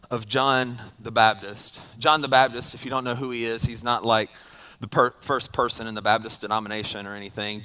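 A man's voice: medium pitch, bright, forceful tone, smooth. A male pastor, preaching a sermon in a conversational storytelling way, asking the congregation questions.

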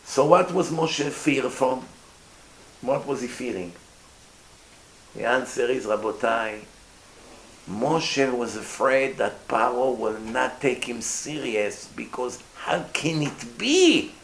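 A man's voice: mid-range voice, takes it slowly. Guy teaching torah to a group, asks them questions, voice bounces round the room. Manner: animated, asks the listeners questions, acts out voices. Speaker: rabbi giving a Torah class. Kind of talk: informal Torah lecture to a live group. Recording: echoey room, faint noise.

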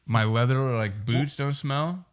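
Brief: young male podcast co-host, relaxed and slangy, casual swearing. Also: medium pitch, measured pace. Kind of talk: casual chat.

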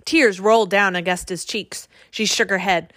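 A woman narrating a children's audiobook with an expressive reading. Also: medium pitch, normal speed, dry recording, clean studio sound.

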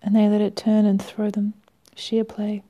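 A woman reading a first-person story aloud in a wry, measured way, sometimes dropping to a hush. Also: mid-range voice, monotone. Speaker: reader.

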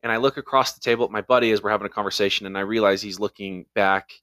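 A man's voice: on the low side, fairly even intonation, racing, bright, forceful tone, no echo, studio quality. A man co-hosting a casual podcast, telling stories and reading listener reviews aloud. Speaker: podcast co-host.

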